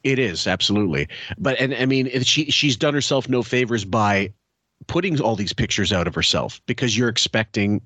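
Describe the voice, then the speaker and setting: A man's voice: mid-range voice, animated, normal speed, sharp tone, breathy edge, dry recording. A man co-hosting a podcast, chatting casually and sarcastically, with frequent laughter. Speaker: podcast co-host. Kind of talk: casual commentary chat.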